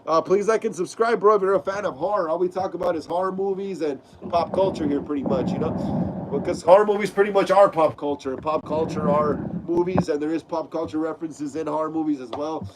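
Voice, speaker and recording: Young man, stuffy nose, high-pitched, casual live stream host, says bro. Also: brisk, very noisy. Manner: casual, reads chat messages aloud, says bro a lot. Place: home room.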